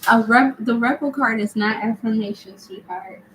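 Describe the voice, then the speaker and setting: A woman's voice: a little high, moderate pace, fairly bright tone, a little hiss or hum, low-quality recording. A young woman hosting a live tarot stream, chatty and laughing often as she answers viewers. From United States. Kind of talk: casual live-stream chat.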